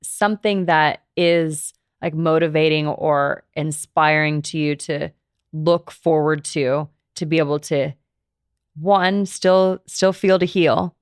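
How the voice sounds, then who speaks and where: A woman podcast host asking gentle, thoughtful questions, often restarting her sentences. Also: sits low, fairly even intonation, takes it slowly, smooth, no room sound, studio quality. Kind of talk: interview conversation.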